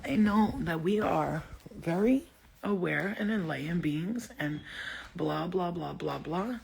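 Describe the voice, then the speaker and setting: A woman with a lowish, gravelly voice speaks slowly over slight background noise. She's hosting a spiritual livestream, talking to viewers in a blunt, animated way full of swearing and greeting people as they arrive mid-talk.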